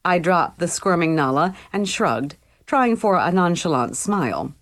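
A woman's voice: on the low side, big pitch swings, measured pace, hardly any pauses. A woman reading a first-person novel aloud as an audiobook narrator, in a wry, conversational storytelling manner.

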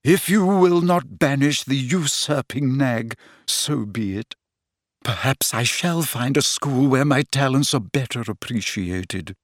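A man's voice: on the high side, unhurried, few pauses, dry recording, clean studio sound, voice pushed up. A man voicing a dramatic, eccentric middle-aged woman seer who speaks theatrically, as if wounded.

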